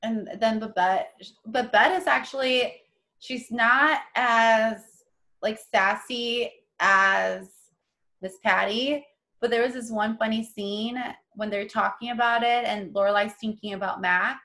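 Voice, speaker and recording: A woman's voice: fairly high pitch, slow. A young woman co-hosting a podcast, chatting casually and animatedly about a TV show, with lots of "like.". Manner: chatty, animated, acts out quotes with many "like"s. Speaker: podcast co-host.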